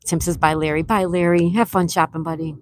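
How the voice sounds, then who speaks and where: A woman hosting a casual live-stream trivia game, greeting viewers by name, reading their chat replies aloud and repeating questions slowly. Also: lowish voice, steady tone, a little hiss or hum. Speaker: livestream trivia host.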